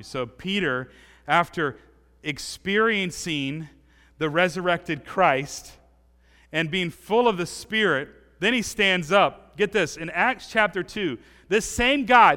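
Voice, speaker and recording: A man with a high, bright, smooth voice delivers a sermon in a church. He shifts between loud bursts and near-whispers while playing the people he quotes. The sound carries a long hall reverb. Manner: animated, acts out quoted voices, swings from loud to hushed. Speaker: pastor.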